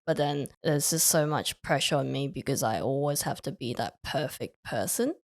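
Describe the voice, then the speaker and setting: A young woman co-hosting a casual podcast, playful and quick to laugh. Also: very deep voice, no echo, studio quality. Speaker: podcast co-host.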